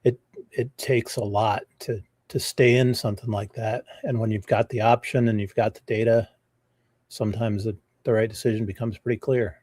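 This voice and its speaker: Man, husky strained voice, losing his voice, measured and supportive, dry close sound. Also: lowish voice, steady tone, darkish tone, no echo. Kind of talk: casual live show chat.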